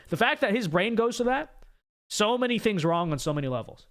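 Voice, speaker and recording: Rambling male livestream host, higher voice. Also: expressive, fairly quick, fairly bright tone. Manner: rambling, repeats words while thinking aloud; reads viewer super chats aloud. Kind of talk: political commentary livestream.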